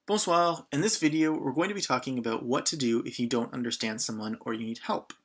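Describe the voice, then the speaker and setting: A man teaching an online beginner lesson in a relaxed way, with frequent fillers. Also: medium pitch, fast talker. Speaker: language teacher.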